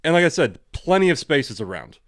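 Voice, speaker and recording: Fast-talking man in dry casual chat. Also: on the high side, very animated, no room sound. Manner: rambling anecdotes with acted-out inner voice, casual swearing. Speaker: podcast co-host.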